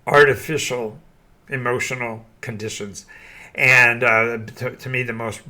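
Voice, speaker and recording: An older man hosting his own channel, a veteran game master giving opinions in a halting monologue with frequent restarts. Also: mid-range voice, bright, forceful tone. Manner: halting, many restarts and fillers.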